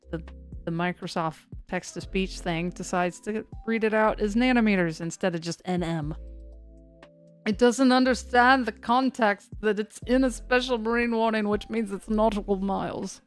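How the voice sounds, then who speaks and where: A woman's voice: mid-range voice, steady tone, moderate pace, smooth, faint music behind. A woman hosting a severe weather live stream, chatting loosely and poking fun at herself as she talks to her chat. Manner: rambling and self-mocking, talks to chat.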